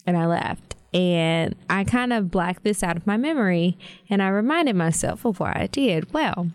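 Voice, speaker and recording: Young woman, podcast co-host, candid storytelling, smooth voice, dry close sound. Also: lowish voice, normal speed, no room sound. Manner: candid, animated, acts out quoted lines. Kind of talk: casual storytelling chat.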